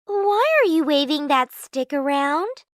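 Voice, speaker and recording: A woman's voice: sits high, expressive, a little slow, pitched above the performer's own voice. A woman voicing a young, put-upon heroine who is sweet but wry. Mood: earnest.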